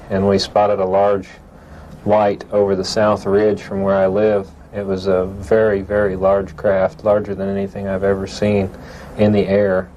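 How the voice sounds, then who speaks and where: A man's voice: lowish voice, darkish tone, lo-fi sound, slight background noise. A man giving an eyewitness account in an interview, hesitant and full of fillers. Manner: hesitant, many fillers and restarts.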